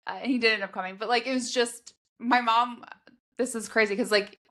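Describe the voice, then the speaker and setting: Bright-voiced thirtysomething woman telling wedding stories, super chatty, says like a lot. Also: a little high, fairly even intonation, a little fast. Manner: chatty storyteller, frequent "like" fillers. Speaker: podcast co-host. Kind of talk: casual chat.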